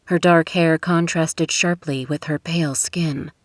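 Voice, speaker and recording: A woman narrating a romance novel audiobook in a steady, measured storytelling voice. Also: low-pitched, no echo, studio quality. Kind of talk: scripted narration. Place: recording booth. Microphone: studio microphone.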